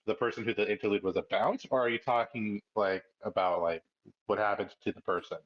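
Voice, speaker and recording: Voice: low voice, steady tone, fairly quick, dull audio. A co-host in a casual podcast chat, wry and teasing, laughing often.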